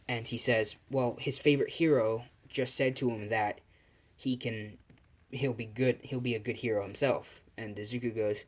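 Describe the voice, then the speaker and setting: A man's voice: medium pitch, fairly even intonation, normal speed. A man casually telling a fan story into a phone, rambling and swearing, with frequent restarts. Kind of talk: casual spoken fan fiction.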